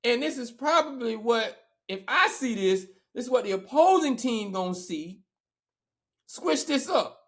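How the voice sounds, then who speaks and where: A man co-hosting a sports podcast in casual chat, animated and emphatic, repeating phrases for effect. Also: extremely high pitch, moderate pace, hardly any pauses. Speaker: podcast co-host.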